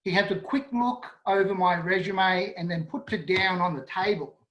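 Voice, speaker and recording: Male storyteller, lively and self-mocking, echoey room. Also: high-pitched, moderate pace. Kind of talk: personal story told to an audience. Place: home, indoors, online event. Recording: roomy echo on an online call.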